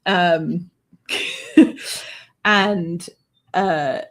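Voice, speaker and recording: A woman guest telling a personal anecdote in a lively, conversational way, often laughing and swearing. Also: lowish voice, extremely slow. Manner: animated, laughing, swears freely. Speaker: author guest. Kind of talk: conversational storytelling.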